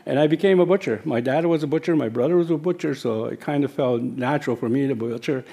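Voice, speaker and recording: A man in his sixties telling his life story as personal testimony, halting, with many fillers and self-corrections. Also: mid-range voice, creaky, dark tone.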